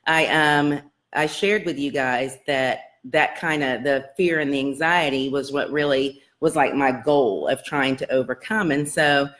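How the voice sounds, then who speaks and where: A woman with a low-pitched voice talks to her viewers in a casual, earnest way. She rambles and restarts often, full of fillers, as she tells her personal story. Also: measured pace, a bit bright. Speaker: self-help vlogger.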